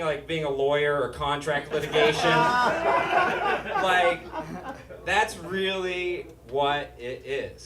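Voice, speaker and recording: A Utah comic's voice sits high as he does stand-up on a small stage for a live studio audience, nasal and whiny, with sardonic punchlines full of swearing. The mic is distant and the background noisy, and the roomy stage echoes with audience laughter.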